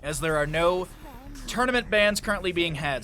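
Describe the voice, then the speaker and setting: Upbeat male esports caster, higher pitch, bright edge, chatty stream commentary. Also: lively intonation, normal speed, faint music behind. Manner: chatty and upbeat, cowboy-style greetings. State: out of breath.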